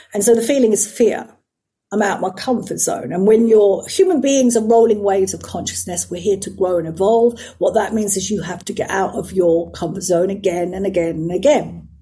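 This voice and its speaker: Middle-aged woman, psychotherapist guest, warm mellow voice, earnest, measured, drawn-out emphasis. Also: medium pitch. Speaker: psychotherapist and life coach guest. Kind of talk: reflective coaching talk.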